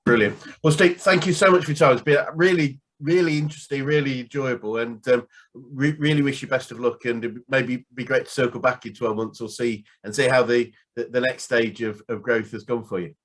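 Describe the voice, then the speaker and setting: A man's voice: mid-range voice, steady tone, fairly quick. A man interviewing a business guest in casual chat, hesitant with many restarts and fillers.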